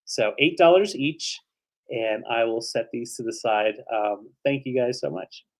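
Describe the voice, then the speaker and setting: A man's voice: mid-range voice, measured pace. A man co-hosting a live online vintage sale, chatty and rambling, showing items and thanking viewers. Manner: chatty, rambling with fillers, emotional. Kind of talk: live online auction chat.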